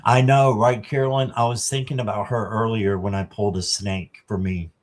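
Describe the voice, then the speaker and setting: A man's voice: lowish voice, steady tone, normal speed. A man doing a casual live tarot reading, chatting to viewers and reading the card text aloud. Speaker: tarot reader.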